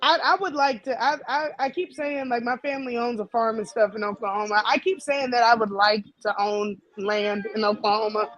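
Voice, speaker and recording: A woman's voice: a little high, fairly even intonation, a little fast, few pauses, fairly bright tone, dull audio, faint music behind. A young woman co-hosting a casual chat, talking in a slangy, drawling way and interjecting often. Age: young adult. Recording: crowd noise behind.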